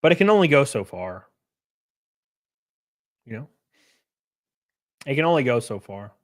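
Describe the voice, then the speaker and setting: A man hosting a livestream, answering chat messages in a brash, profane, animated way. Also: mid-range voice, a little slow. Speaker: livestream host reading chat.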